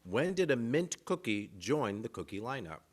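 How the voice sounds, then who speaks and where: A man's voice: mid-range voice, big pitch swings, moderate pace. A man hosting a virtual event, chatty and informal, reading out recipes and trivia questions. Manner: chatty, reads recipes aloud, eats while talking. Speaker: event host.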